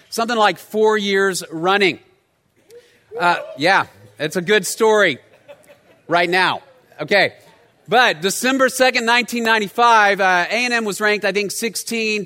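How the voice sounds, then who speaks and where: Middle-aged male pastor, high and bright, animated storytelling sermon, reverberant church hall. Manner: storytelling, animated, self-deprecating humor. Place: church sanctuary. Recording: long hall reverb from the sanctuary.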